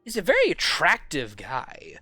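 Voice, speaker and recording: A man's voice: a little high, huge pitch swings, normal speed, over music. A man game master narrating a tabletop game, rambling and correcting himself as he goes.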